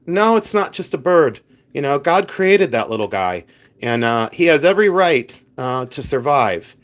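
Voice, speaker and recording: Very animated and speaking at a normal speed, this medium-pitched man hosts a casual live stream as a reseller. He addresses viewers head-on, chatty and meandering, with lots of fillers and false starts.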